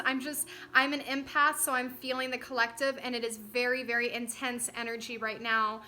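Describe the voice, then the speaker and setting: A young woman hosting a spiritual channel, speaking earnestly and slowly to her viewers, near tears and emotional. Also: a little high, level tone, sharp tone. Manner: tearful, earnest, on the verge of crying; heartfelt, slow, with frequent "you guys". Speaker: spiritual channel host, oracle reader.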